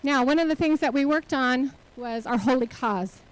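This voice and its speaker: A woman's voice: high voice, normal speed, poor audio. A woman speaking as a nonprofit CEO giving a motivational conference talk on a stage, earnest and full of rhetorical questions to the audience.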